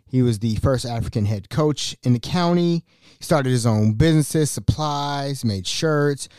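A young podcast host from Ohio casually recounts family stories in a monologue, laughing and imitating his relatives. His mid-range voice is smooth and a little mellow, recorded dry with clean studio sound.

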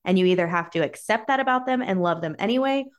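A woman's voice: mid-range voice, lively intonation, quick pace. A woman co-hosting a wedding advice podcast, candid and chatty in casual talk. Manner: candid, chatty, uses y'all. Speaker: podcast co-host.

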